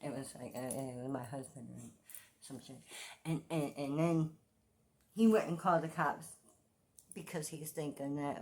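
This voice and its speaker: Mujer de cuarenta años, comentarista malhablada. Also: female voice, low-pitched, moderate pace. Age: 40s. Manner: profane, repetitive, animated with loud outbursts. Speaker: commentary vlogger. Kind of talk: casual ranting commentary.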